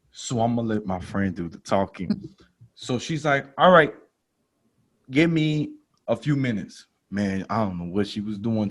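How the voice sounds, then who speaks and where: Man, podcast host, comic storytelling, slangy, animated, mid-pitched voice, loud bursts in quotes. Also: breathy edge. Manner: animated, jumps to loud exclaims in quoted lines; casual slangy talk, laughs through story.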